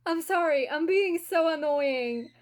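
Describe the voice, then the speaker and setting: A young woman book vlogger reacting aloud while reading, emotional and exclaiming, talking to the characters. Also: extremely high pitch.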